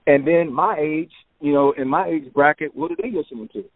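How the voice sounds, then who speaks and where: A man guest telling relaxed stories about making records, filling his talk with "man" and "you know". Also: fairly high pitch, fairly quick, no echo. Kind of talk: casual interview storytelling. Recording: phone-like narrow sound.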